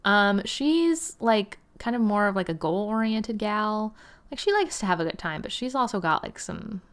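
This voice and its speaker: Her voice is medium-pitched, clear and resonant, with lively intonation at a normal speed. She's a gaming host in her twenties, rambling through commentary with lots of "like," "um," and laughter, sometimes dropping to a whisper.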